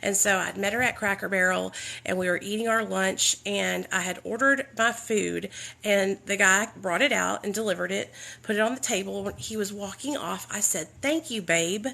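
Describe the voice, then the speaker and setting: A woman's voice: medium pitch, moderate pace, vocal fry. A woman with a Southern US accent telling a candid, profane story about her recovery. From Southern United States. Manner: blunt, profane, animated.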